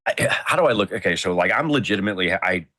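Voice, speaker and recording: A man's voice: low-pitched, animated, fast talker, sharp tone. A man hosting a casual livestream, rambling playfully and restarting his sentences often. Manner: rambling, self-interrupting, playful. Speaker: livestream host.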